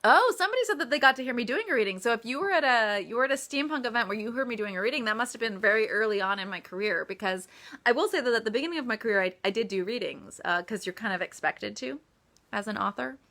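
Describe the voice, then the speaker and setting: A woman's voice: on the high side, lively intonation, fast talker, sharp tone. An American woman, an author, chatting casually in a live-stream Q&A, often laughing and joking about herself. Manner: giggly, self-deprecating, chatty.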